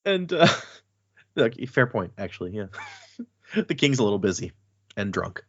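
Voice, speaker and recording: Brief: lively male podcast co-host, a mid-pitched voice that rises and falls a lot, dry, slightly dull audio. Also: husky, no echo. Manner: animated, acts out characters' lines in quick voices. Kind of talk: casual book recap chat.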